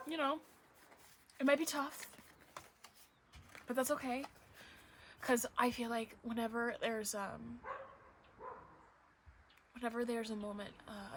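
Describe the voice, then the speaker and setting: A woman's voice: on the high side, noisy background. A woman giving a casual tarot reading to camera, emotional and gushing, close to tears at times, with dogs barking in the background. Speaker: tarot reader.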